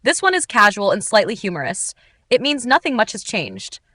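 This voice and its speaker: A woman teaching English in an upbeat, clearly articulated, scripted narration. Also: medium pitch, sing-song, normal speed, pushed and bright, no room sound.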